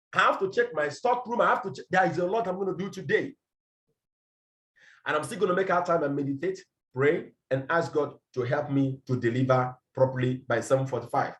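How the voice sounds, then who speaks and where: A man leading his business team in a forceful motivational talk, repeating his points and firing rhetorical questions over a video call. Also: high-pitched, roomy sound. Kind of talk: motivational address to an online team meeting.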